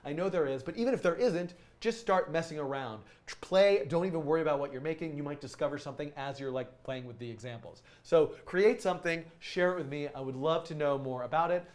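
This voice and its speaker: Male coding instructor, slightly raised pitch, eager and rambling, casual lesson delivery. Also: fast, few pauses. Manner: enthusiastic, rambling with fillers and restarts.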